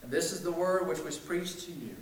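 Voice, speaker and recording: A man's voice: on the high side, fairly quick. Preaching man in a very echoey room. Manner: emphatic, swings from loud to hushed. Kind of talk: sermon. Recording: very echoey room, mic at a distance.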